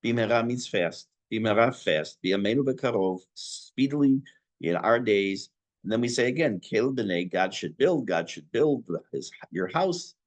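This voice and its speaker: A man teaching an online class on prayer, reading Hebrew phrases and explaining them in English with a lively teacher's delivery. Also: on the low side, a little slow. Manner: lively teacher's delivery, rising on key words.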